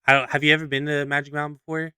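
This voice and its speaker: A young man co-hosting a podcast, telling a story in a lively, casual way, swearing freely and acting out scenes. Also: fairly high pitch, racing, clean tone, no echo. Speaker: podcast co-host.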